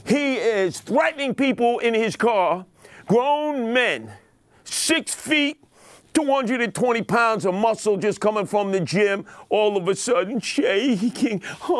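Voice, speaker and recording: A man's voice: high-pitched, a bit bright, dry recording. A man, hosting a podcast and delivering a dramatic, indignant monologue about crime news, acting out the quotes. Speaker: podcast host.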